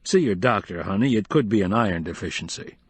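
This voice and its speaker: A man voicing a prim, grandmotherly female advice columnist with a sugary, slow, schoolmarmish way of speaking. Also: on the low side, animated, breathy edge, dry recording, pitched below the performer's own voice.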